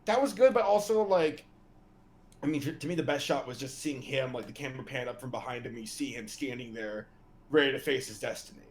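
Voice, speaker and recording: A man co-hosting a casual podcast, talking with enthusiasm and halting restarts. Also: mid-range voice. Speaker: podcast co-host. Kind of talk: casual chat.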